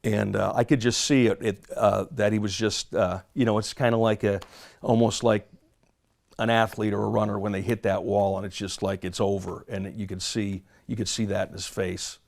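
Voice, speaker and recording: A man speaks in a low, gravelly voice, recalling the past as a former police officer. He halts often, pausing and restarting as he searches for words. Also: flat delivery, a little mellow. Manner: halting, searching for words with many pauses. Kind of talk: recorded interview clip.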